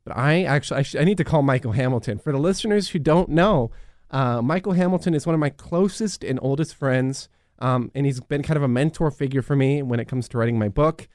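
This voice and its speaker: A man's voice: medium pitch, brisk, a little mellow, no room sound, clean studio sound, close to an everyday voice. A man playing a naive, overexcited radio host who stammers and gushes in a satirical radio sitcom. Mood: chatty. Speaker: show host.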